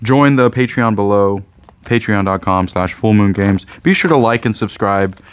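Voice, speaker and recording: A man's voice: lowish voice, normal speed, clear, resonant tone. A man with a Midwestern American accent, a card shop owner rambling casually to camera, joking and repeating himself. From Indiana, USA.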